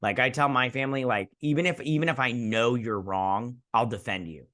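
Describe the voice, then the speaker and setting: Male host, mid-pitched voice, loose fan-review recap, rambles and acts out the dialogue. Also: brisk. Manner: animated retelling, acting out characters' lines; rambling, many fillers and restarts. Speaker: show reviewer. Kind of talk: casual episode recap and review.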